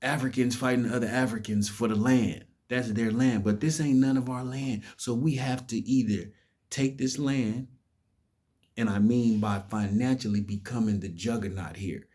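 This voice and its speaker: A man's voice: fairly low pitch, dark tone, slightly rough. A man giving an impassioned, preachy vlog monologue, emphatic and cursing. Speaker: vlogger.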